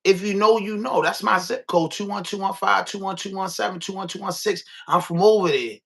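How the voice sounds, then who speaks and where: A man's voice: high-pitched, fairly quick, gravelly, slightly rough. A man from Baltimore with a Baltimore accent, hosting a podcast and ranting casually with heavy profanity and emphatic repetition. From Baltimore, USA. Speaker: podcast host. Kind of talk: casual rant.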